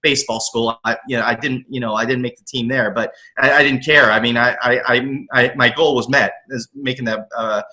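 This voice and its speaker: A middle-aged man from the US West Coast, a motivational coach, telling his life story in a casual interview, earnest and animated, often restarting and repeating words. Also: mid-range voice, brisk, few pauses. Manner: earnest, animated, acts out his own past thoughts. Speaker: motivational coach, podcast guest.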